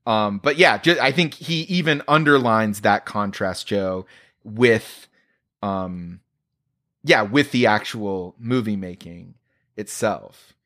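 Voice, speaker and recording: Man host, halting, thinking aloud. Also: on the low side, fairly bright tone. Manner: halting, searching for words. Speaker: podcast host. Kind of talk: casual chat.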